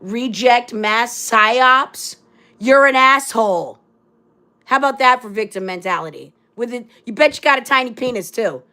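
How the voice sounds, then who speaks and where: A woman's voice: fairly high pitch, lively intonation, a little fast, pushed and bright. A woman hosting her own livestream, delivering an angry, blunt and profane rant full of repeated rhetorical phrases. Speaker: livestream host.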